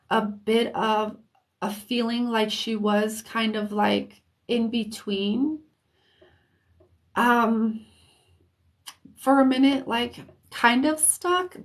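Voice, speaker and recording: A woman giving an intuitive reading on a live stream, hesitant and searching for words, with soft, comforting reassurance. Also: a little high. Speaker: intuitive reader.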